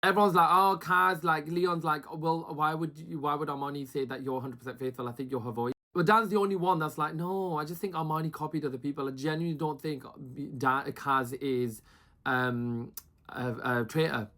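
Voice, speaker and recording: A man's voice: fairly high pitch, brisk, sharp tone. Guy doing a gossipy show recap, keeps putting on voices for everyone, cheeky and chatty. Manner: gossipy, mimics people he recaps. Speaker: TV reality show reviewer.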